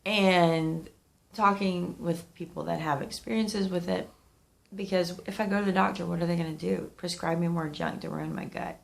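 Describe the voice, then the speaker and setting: A woman's voice: on the low side, steady tone, normal speed, creaky. A woman in her thirties, sniffling and under the weather, chatting candidly to camera in a rambling vlog. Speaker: vlogger. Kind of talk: casual talk to camera.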